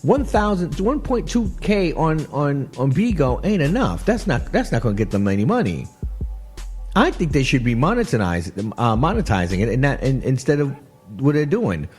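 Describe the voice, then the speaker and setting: A man hosting a radio talk show, commenting on clips in an animated, chatty way with frequent laughs and restarts. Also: on the high side, normal speed, slightly rough, soft background music. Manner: animated, laughing, repeats himself. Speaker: radio host.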